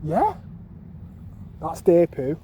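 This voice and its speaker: A man's voice: on the high side, wildly swooping pitch, drawn-out words, crowd noise, poor audio. A man with a Mancunian accent chatting to his viewers in a casual, jokey walking vlog outdoors, swearing freely. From North West England. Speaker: vlogger. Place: outdoor parkland.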